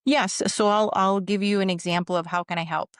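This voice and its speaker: A woman's voice: medium pitch, fairly even intonation, a little fast, clean tone, no room sound, clean studio sound. A middle-aged woman, a retired police commander, telling vivid work stories on a podcast. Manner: vivid, anecdotal, acts out quoted voices. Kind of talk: conversational storytelling.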